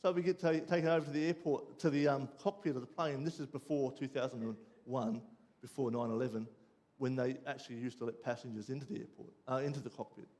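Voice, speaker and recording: An Australian man preaching, telling a personal story with lively ups and downs before dropping quiet and low for the lesson. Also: quick pace. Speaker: pastor. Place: church.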